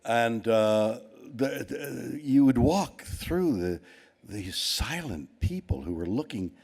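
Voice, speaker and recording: Husky older man telling a stage anecdote. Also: medium pitch, sing-song, slow, a little mellow. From Canada. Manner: rambling storyteller, many restarts, shifts into quoted voices. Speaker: award recipient giving a speech. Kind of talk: anecdotal speech to an audience.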